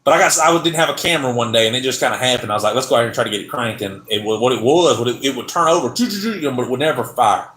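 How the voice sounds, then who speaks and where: A man's voice: medium pitch, fairly bright tone. A man with a Southern US accent hosting a casual car livestream, rambling and trailing off mid-sentence. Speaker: car channel livestream host. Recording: echoey room.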